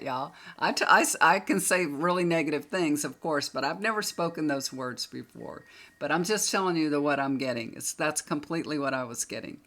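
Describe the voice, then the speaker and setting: A woman's voice: sits low, a little fast, a bit bright. Chatty emphatic woman tarot reader. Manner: chatty and emphatic, repeats herself for stress. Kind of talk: casual talk to camera. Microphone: camera.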